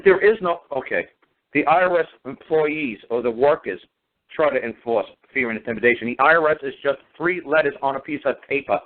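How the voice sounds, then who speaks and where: A man's voice: medium pitch, a little fast. A man speaking as a guest on a call-in talk show, ranting emphatically and repeating himself. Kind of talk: casual phone-in talk. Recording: tinny phone line.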